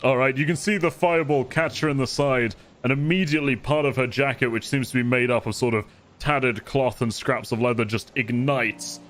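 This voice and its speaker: A man acting as game master, narrating a tabletop game scene in vivid, relaxed descriptive detail. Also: mid-range voice, brisk.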